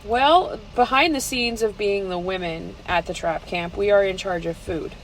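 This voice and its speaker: A woman with a medium-pitched voice chatting casually. She tells stories in a lively way and acts out the lines of the people in them. A faint background hum sits under her voice. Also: normal speed, rough recording. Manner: lively storyteller, acts out quotes. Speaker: trapper. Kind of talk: casual chat.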